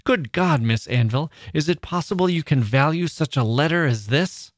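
A man reading aloud and voicing a jealous 18th-century gentleman who pleads and rages theatrically. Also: mid-range voice, unhurried, no room sound, clean studio sound, close to an everyday voice. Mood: impassioned. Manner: impassioned, theatrical outbursts.

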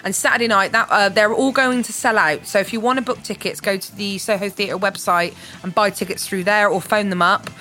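A woman's voice: medium pitch, steady tone, a little fast, few pauses, sharp tone. A woman comedian chatting as a radio guest, jokey and rambling with many fillers. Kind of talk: casual radio interview.

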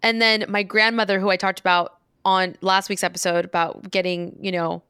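Chatty woman podcast host, smooth dry voice. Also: mid-range voice, level tone, moderate pace, sharp tone, dry recording. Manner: chatty, laughs often, trails off mid-sentence. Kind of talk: casual chat.

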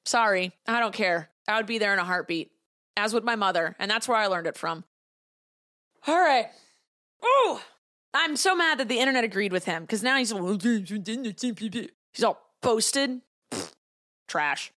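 A woman's voice: mid-range voice, lively intonation, normal speed, bright, forceful tone, no echo. A woman hosting a solo podcast, talking bluntly with a lot of swearing and heated opinions into a close mic. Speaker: podcast host.

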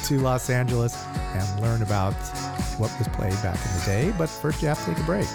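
A man hosting a podcast, asking loose, halting questions. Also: mid-range voice, animated, creaky, over loud music. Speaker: podcast host. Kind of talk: interview questions.

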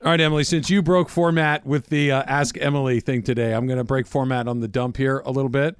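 A man hosting a sports radio show, telling animated stories in casual talk from the studio. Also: mid-range voice, quick pace, smooth, dry recording. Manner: animated storyteller, swings up and down in loudness.

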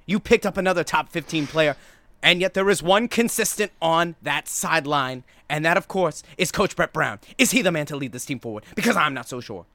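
A man voicing a loud, emphatic male TV sports pundit who bellows hot takes with drawn-out stresses. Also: fairly high pitch, expressive, dry recording. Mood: grilling.

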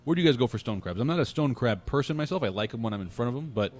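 A man's voice: mid-range voice, rapid-fire. Easygoing man hosting a casual chat. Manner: relaxed, joking, steers the talk. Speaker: podcast host.

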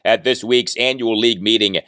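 A man's voice: on the low side, a little fast, sharp tone, no room sound, studio quality. A man hosting a sports podcast, giving an emphatic analytical monologue and asking listeners rhetorical questions. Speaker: podcast host.

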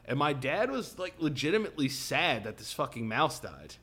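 A man's voice: a little high, sing-song, moderate pace, a bit bright, husky. A young man co-hosting a podcast, chatting casually with loose, profane jokes. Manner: loose, profane, jokey banter. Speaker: podcast co-host. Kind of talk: casual chat.

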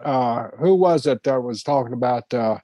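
A man hosting a casual chat, telling rambling stories with many halting restarts. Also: mid-range voice, mellow, dry recording, lo-fi sound. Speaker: podcast host.

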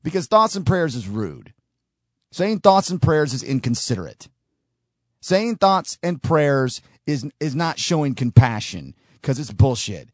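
Guy ranting on his podcast, voice jumping all over, fairly high, dry close sound. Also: measured pace, no echo. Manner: animated, ranting, with frequent restarts. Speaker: podcast host. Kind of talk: opinionated solo commentary.

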